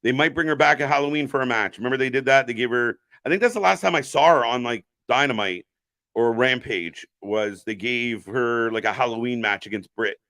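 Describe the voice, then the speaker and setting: A man with a mid-range voice, brisk and pushed and bright, hosts a live watch-party stream reacting to wrestling. His commentary is loose, profane, rambling, and jokey, and he chats with viewers, answering the chat as he goes.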